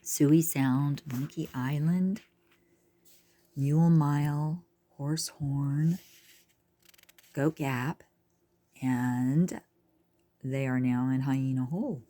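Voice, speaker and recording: A woman reading a children's book aloud, unhurried, with chatty asides to her listeners. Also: a bass voice, mellow. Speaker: reader.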